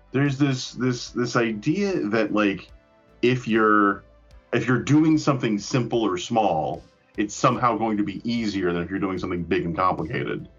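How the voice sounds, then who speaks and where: A man's voice: lowish voice, breathy edge. A man in casual chat, rambling with fillers and casual swearing. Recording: dull lo-fi recording.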